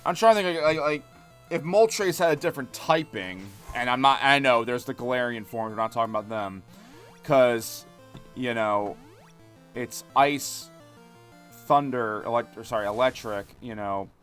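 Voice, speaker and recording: A man streaming a video game, rambling in animated commentary and chatting with his viewers. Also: medium pitch, moderate pace, soft background music. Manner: rambling, animated, talks to chat. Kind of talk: live gameplay commentary.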